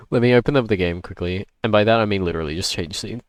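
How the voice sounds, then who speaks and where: A man streaming a game live, chatting playfully and greeting his viewers with excitement. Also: fairly low pitch, fairly quick, clear, resonant tone, no echo. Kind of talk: casual livestream chat while gaming.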